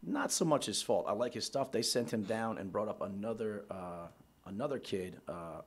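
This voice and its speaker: A man's voice: lowish voice, moderate pace, slight background noise. A man co-hosting a radio show, giving blunt, opinionated sports takes and swearing freely. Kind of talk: casual sports talk.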